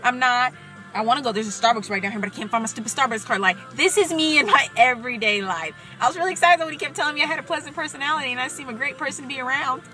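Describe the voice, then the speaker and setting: A woman's voice: a little high, very fast, pushed and bright, soft background music. Bubbly, rambling young woman vlogger. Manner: bubbly, rambling, talks straight to viewers. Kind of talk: casual excited vlog chat.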